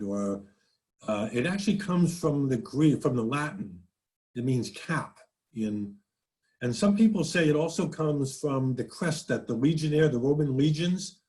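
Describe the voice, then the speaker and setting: A man's voice: mid-range voice, a little mellow, low-quality recording. A man with a New England accent giving a casual nature slide talk, chatty and full of restarts, now and then imitating birdsongs. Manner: folksy, mimics birdsongs, frequent restarts. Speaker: nature presenter.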